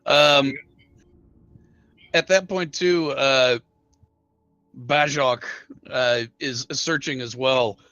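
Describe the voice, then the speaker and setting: A man narrating a tabletop role-playing game as game master, slow and halting, with many filler words. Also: mid-range voice, steady tone, bright, forceful tone, clear, resonant tone, no room sound, lo-fi sound.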